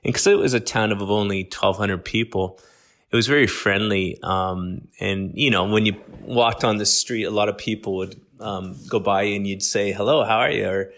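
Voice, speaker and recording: A middle-aged man with a slight lilt, giving a relaxed, conversational podcast talk full of fillers and restarts. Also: lowish voice, moderate pace. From Canada. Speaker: guest speaker. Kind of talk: podcast teaching.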